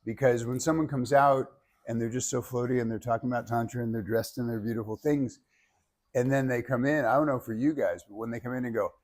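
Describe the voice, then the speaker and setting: A man leading a public speaking workshop, giving feedback and demonstrating techniques in an animated way. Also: medium pitch, brisk.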